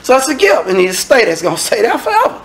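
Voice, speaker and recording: Animated preacher man. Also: very high-pitched, fast talker, a little hiss or hum. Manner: animated, acts out dialogue, sometimes shouts. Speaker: minister. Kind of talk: sermon.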